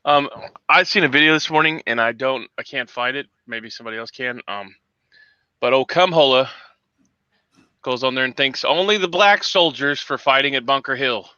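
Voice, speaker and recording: A man hosting a morning livestream, swearing through angry, shouting tirades. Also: mid-range voice, moderate pace, clean tone, dry recording, lo-fi sound. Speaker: host. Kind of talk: profane morning livestream rant.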